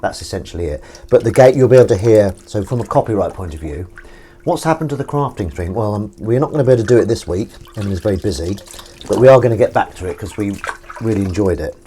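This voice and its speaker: A low-voiced Englishman chats to his live viewers from a home kitchen, his pitch leaping up and down as he rambles. He reads comments aloud and swears casually. Faint water and clinking dishes sit behind him. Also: expressive, fast talker, dark tone, slight background noise. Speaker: live streamer. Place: home kitchen, washing up at the sink.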